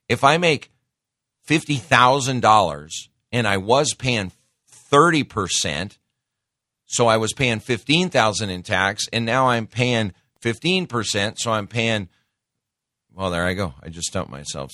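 A man's voice: lowish voice, lively intonation, unhurried, bright, forceful tone, dry recording, studio quality. Ranting middle-aged male talk host. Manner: sarcastic, ranting, mocking quotes. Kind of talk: opinionated political monologue.

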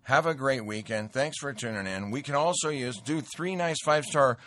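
A man's voice: mid-range voice, moderate pace, fairly bright tone, dry recording. A middle-aged man hosting a commentary show, talking emphatically in a rambling way, often repeating himself. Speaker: host. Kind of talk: political commentary and sales pitch.

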